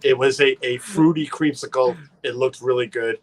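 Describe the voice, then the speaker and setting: A man's voice: mid-range voice, steady tone, moderate pace. A man hosting a casual livestream, chatty and playful, greeting viewers by name and teasing his co-host.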